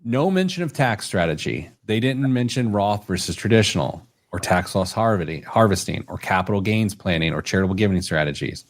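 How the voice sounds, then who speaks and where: A man hosting a podcast in casual chat, animated and thinking aloud, a little self-deprecating. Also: lowish voice, fairly quick, hardly any pauses. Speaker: podcast host.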